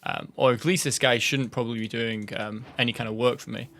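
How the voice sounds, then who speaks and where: A man's voice: mid-range voice, fairly even intonation, a little fast, a bit bright. A man giving casual, rambling gameplay commentary, his words running together, full of fillers and swearing.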